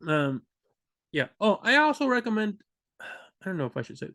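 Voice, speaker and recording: A man's voice: high voice, big pitch swings, moderate pace, long pauses, bright, forceful tone. A man, a language learning vlogger, talking unscripted to camera in a rambling way, restarting sentences and acting out confused learners. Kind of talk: unscripted casual talk to camera.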